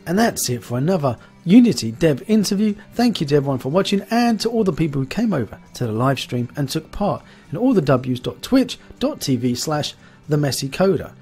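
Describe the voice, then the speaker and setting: A chatty, enthusiastic man hosts a casual online interview, his voice sitting a little high for a man. Faint guitar music plays behind him. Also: sing-song, fairly quick, a little mellow, husky. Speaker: host.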